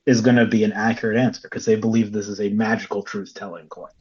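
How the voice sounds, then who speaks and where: A man's voice: fairly low pitch, level tone, quick pace, a little mellow, dull audio. A man playing in a tabletop game, arguing his case and laughing often. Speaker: player. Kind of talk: casual game banter.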